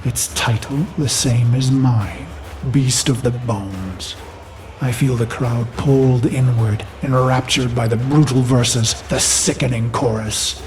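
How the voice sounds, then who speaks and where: A man's voice: medium pitch, takes it slowly, darkish tone, slight background noise, lightly acted. An actor playing a brooding, vengeful human warlord who recalls his past in a grave, haunted inner monologue for a game cutscene. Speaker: narrator of a memory.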